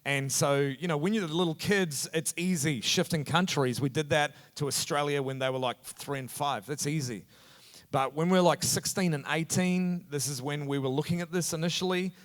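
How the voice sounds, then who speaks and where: A man's voice: on the high side, normal speed. A middle-aged man from New Zealand with a New Zealand accent, a pastor talking earnestly in a casual conversation on stage. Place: church hall. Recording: echoey hall reverb.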